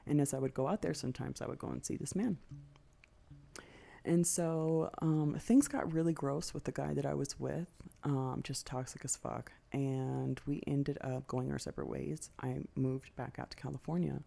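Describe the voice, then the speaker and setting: Gravelly-voiced woman telling a frank story. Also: rumbling low, normal speed, dark tone. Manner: frank and profane, acts out her own past thoughts. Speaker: podcast host. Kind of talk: candid personal storytelling.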